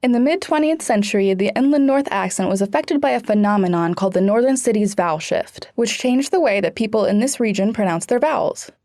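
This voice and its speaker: A woman's voice: medium pitch, expressive, fairly quick, few pauses, a little mellow, dry recording, studio quality. Woman reading a playful news story. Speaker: news reporter.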